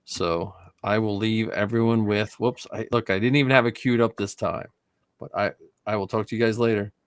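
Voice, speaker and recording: A man hosting a podcast with a lowish voice, recorded close and dry with no room sound. He talks loosely, pokes fun at himself and trails off. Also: fairly even intonation, moderate pace, clean tone, no room sound. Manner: loose, self-deprecating, trailing off. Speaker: podcast host. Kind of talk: casual podcast chat.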